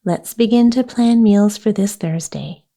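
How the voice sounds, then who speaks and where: A bossy, practical young girl from a storybook, brisk and emphatic with a scornful edge, as a woman reads her. The voice is slow and mellow. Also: medium pitch, natural voice.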